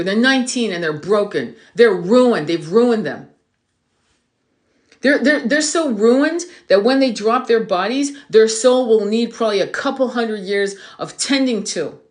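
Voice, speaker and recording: A woman hosting a livestream, speaking in an impassioned, preachy monologue, outraged and swearing, often repeating herself. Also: mid-range voice. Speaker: tarot reader hosting a livestream.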